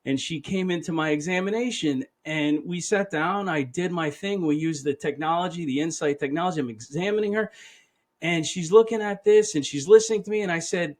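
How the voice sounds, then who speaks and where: A man's voice: fairly high pitch, brisk. Earnest middle-aged man telling a story. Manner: earnest, emotional storytelling, quotes himself often. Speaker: chiropractor guest. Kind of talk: storytelling interview answer.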